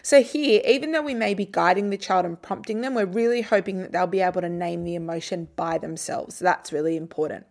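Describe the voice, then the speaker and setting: A woman psychologist hosting an educational podcast, explaining parenting steps in a calm, steady way and modelling gentle phrases. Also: on the low side, fairly quick, creaky, hardly any pauses.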